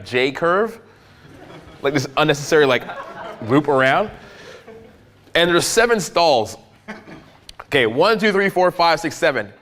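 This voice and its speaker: A man teaching a live dating seminar, telling stories in an animated, profane way. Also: on the high side. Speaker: dating coach.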